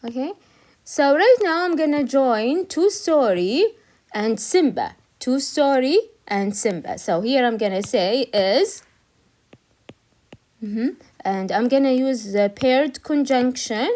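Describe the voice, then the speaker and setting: A woman's voice: a little high, lively intonation, takes it slowly, a little mellow. A woman English teacher, an Arabic speaker, patiently explaining grammar and repeating each point in English and Arabic. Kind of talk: grammar lesson, switching between English and Arabic.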